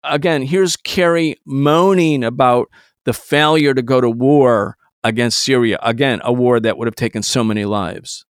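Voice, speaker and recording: Indignant man with a smooth, dry voice. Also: mid-range voice, moderate pace, no room sound. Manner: indignant, emphatic. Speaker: host. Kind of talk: political commentary.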